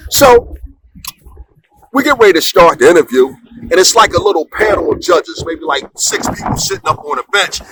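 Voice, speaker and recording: A man's voice: high voice, normal speed, background noise. A man telling a comic story in a loose, conversational way, often checking in with "right?". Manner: animated, conversational, frequent "right?" asides. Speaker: comedian. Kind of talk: storytelling comedy monologue.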